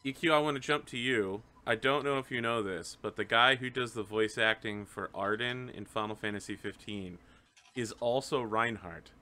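A man's voice: fairly low pitch, normal speed, pushed and bright. A man hosting a casual tabletop game chat, joking and teasing the other players.

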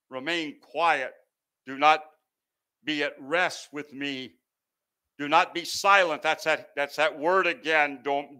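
A male pastor preaching an impassioned sermon that swells loud and sinks low, sometimes stumbling over words. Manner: impassioned, swells and drops in volume.

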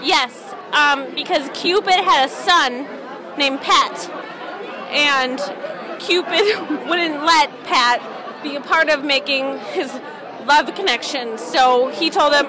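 A woman's voice: sits high, takes it slowly. A tipsy woman at a crowded party, rambling and giggly in an interview. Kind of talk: street interview answer. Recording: noisy crowd behind.

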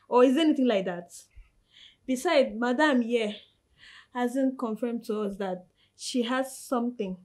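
A young woman with a Nigerian accent playing a cheeky, boy-crazy teen girl who teases her friend. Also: on the high side. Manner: teasing, playful.

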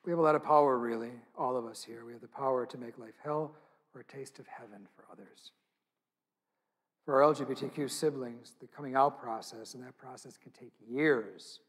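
Husky man, church speaker, earnest storytelling talk. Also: mid-range voice. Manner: earnest, intimate storytelling with quoted dialogue.

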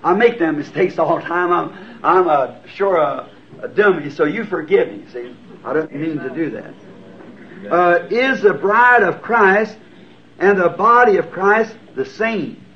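High-voiced Southern preacher on old tape. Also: male voice, expressive, a little slow. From United States. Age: 50s. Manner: earnest, folksy, self-deprecating. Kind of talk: sermon answering written questions. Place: church sanctuary. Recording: dull lo-fi tape recording. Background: congregation answering amen.

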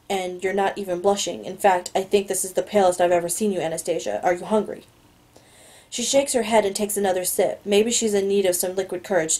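Mellow-voiced woman reading a novel aloud. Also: mid-range voice, rough recording. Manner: stumbles on words, adds asides. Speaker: reader.

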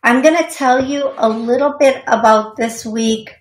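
A fairly high-pitched woman taking calls as a psychic medium on a radio call-in show, speaking in an unhurried way. She is chatty and reassuring and slips into giggly asides. The sound is roomy and echoey.

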